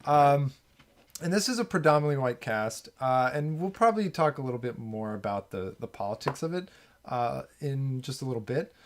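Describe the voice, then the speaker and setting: A man's voice: medium pitch, expressive, normal speed, slight background noise. A man hosting a film podcast, talking casually and rambling with many fillers. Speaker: podcast host.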